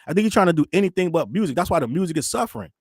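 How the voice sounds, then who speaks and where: Male host, high voice, rapid rambling commentary, laughs through his lines. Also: very animated, breathy edge, dry recording, clean studio sound. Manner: profane, rambling, laughs mid-sentence; mimics other people in quick quotes. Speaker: show host. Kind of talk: casual pop-culture commentary.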